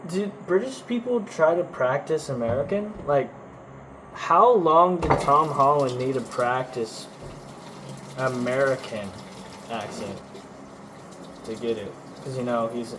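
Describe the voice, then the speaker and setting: Against a noisy background, a young vlogger from Texas chats slowly and with frequent pauses as he does housework. He has a Texan accent and a medium-pitched voice, and he keeps interrupting himself in a scattered, joking ramble.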